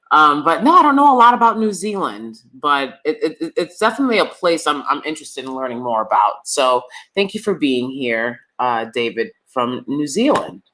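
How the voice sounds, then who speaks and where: A woman's voice: low voice, a bit bright. A woman hosting a live review, an acting teacher who talks to her viewers casually, often repeating words and checking in with "right?".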